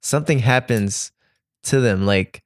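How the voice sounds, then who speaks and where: A man's voice: mid-range voice, unhurried, dry recording. Brief: man, podcast co-host, rambling casual talk, dry close sound. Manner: rambling, loses his train of thought. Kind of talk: casual chat.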